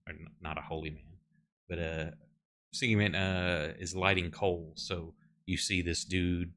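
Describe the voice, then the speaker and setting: A man narrating a tabletop game as game master, halting, with many fillers and restarts. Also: low voice, fairly bright tone, slight background noise.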